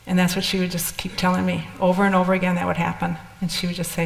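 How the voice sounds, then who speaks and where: A woman's voice: fairly low pitch, monotone, fast, vocal fry, few pauses. An older woman telling her personal story in a candid, rambling way, with restarts and asides. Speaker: speaker sharing experiences. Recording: echoey hall with long reverb.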